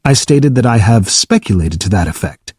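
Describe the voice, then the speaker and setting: A man voicing a calm, formal, self-aware battleship AI in an audiobook, speaking in a measured, precise, unflinching way. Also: lowish voice, husky, dry recording, studio quality. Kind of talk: audiobook character reading.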